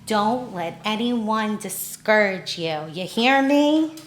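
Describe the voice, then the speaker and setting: A woman voicing a little old woman who speaks slowly and insistently. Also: mid-range voice, animated, slight background noise. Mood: earnest. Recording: roomy echo.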